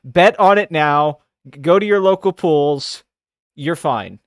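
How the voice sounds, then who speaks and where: A man's voice: fairly high pitch, slow pace, no echo, clean studio sound. A man co-hosting a podcast, ranting crudely and profanely in casual chat. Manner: crude, profane, rambling rants. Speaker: podcast co-host.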